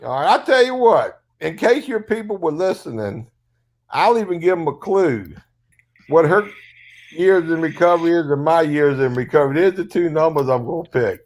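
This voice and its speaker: Blunt gravelly Southern man. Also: fairly high pitch, lively intonation, moderate pace, darkish tone. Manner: blunt, profane, fired-up. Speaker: recovery advocate guest. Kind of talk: casual livestream chat.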